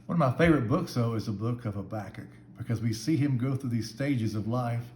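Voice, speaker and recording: A man's voice: medium pitch, a little fast, a little mellow. A man giving a short devotional Bible talk as a church minister, speaking in an earnest, conversational way. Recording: echoey room with faint background hum.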